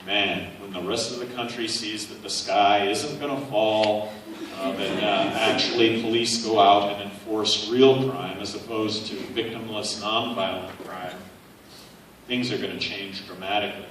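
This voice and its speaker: A man's voice: fairly low pitch, steady tone, measured pace, fairly bright tone, distant mic, slight background noise. A man giving a public campaign speech in a conversational, anecdotal way, with frequent "uh" fillers. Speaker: political speaker. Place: large university hall. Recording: echoey hall, picked up from afar.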